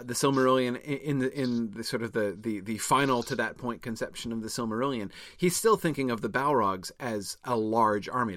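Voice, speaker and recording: A man talks things through in a loose, rambling way, stacking ums and restarts as he works out his ideas. His voice is bright and forceful at a middle pitch. The sound is dry and close. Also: no echo. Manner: rambling, thinking aloud with many fillers. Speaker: podcast co-host. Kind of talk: casual discussion.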